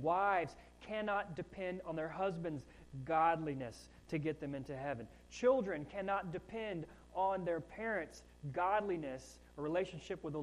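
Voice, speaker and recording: A man's voice: on the high side, rough recording. A man preaching a sermon in a conversational way, with asides and rising emphasis on key points. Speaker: pastor.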